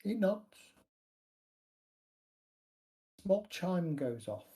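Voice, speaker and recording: A man narrating a tabletop horror game as game master, describing scenes in a relaxed way. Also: high voice, slow.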